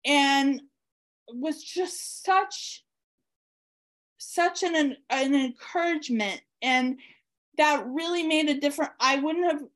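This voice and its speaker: A woman author being interviewed tells a personal story in a high voice at an unhurried pace. She is warm and excited, sprinkling in plenty of ums and uhs.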